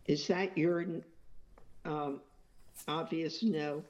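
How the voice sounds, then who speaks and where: Slow, deliberate female judge, dull lo-fi sound. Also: sits low, fairly even intonation, darkish tone, a little hiss or hum. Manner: deliberate, reading out the record. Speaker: appeals judge. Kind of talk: questioning from the bench.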